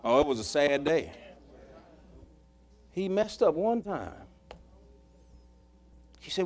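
Folksy preacher man, slightly high. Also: very animated, slow, pauses often. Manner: folksy storytelling preacher, swings between loud and hushed. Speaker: pastor. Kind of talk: sermon.

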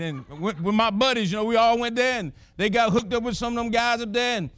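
High-voiced folksy preacher man. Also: brisk, fairly bright tone, clear, resonant tone. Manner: folksy, emphatic storytelling preacher; chuckles through personal stories. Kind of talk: sermon.

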